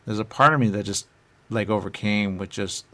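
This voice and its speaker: With a bright, forceful tone, this man plays a dead spirit telling his story in the first person. His delivery wanders and stalls, fading into filler words, and he leaps into high-pitched voices for quotations.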